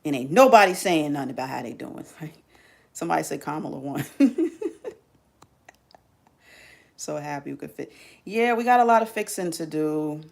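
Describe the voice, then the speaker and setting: Low gravelly-voiced woman streamer. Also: moderate pace, long pauses. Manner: animated, slangy, talks straight to viewers. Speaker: live streamer. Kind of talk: casual livestream chat.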